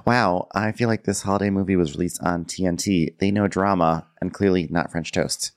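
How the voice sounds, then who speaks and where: A man's voice: sits low, fairly even intonation, brisk. A man co-hosting a comedic podcast that recaps reality TV, riffing with sarcastic jokes. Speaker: podcast co-host.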